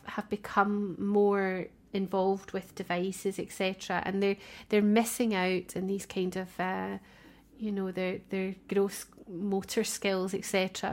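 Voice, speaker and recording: A woman co-hosting a podcast in casual chat, talkative, laughing often and restarting her sentences. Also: mid-range voice. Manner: chatty, warm-hearted, laughs often, many restarts. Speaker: podcast co-host. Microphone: remote call.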